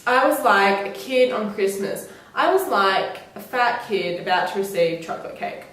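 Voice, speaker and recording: A woman's voice: mid-range voice, lively intonation, normal speed, fairly bright tone, distant mic. A young woman from Australia with an Australian accent, chatting to camera in a bubbly, giggly way. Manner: bubbly, giggly, playful sing-song. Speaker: vlogger. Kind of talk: casual chat to camera. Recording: echoey room, slightly off-mic, faint hiss.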